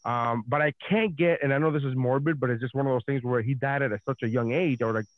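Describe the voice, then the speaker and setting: A man's voice: medium pitch, steady tone, fast talker, no room sound, lo-fi sound. A man hosting a podcast in casual chat, rambling with lots of fillers and swearing freely. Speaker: podcast host.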